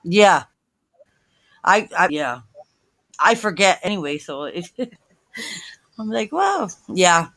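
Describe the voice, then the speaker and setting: A woman's voice: on the low side, slow pace, pauses often, dry recording, low-quality recording. A woman in her thirties, a guest on a casual livestream chat, talking a lot and laughing often, calling in on a phone on speaker. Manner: talkative, laughing often, animated storytelling.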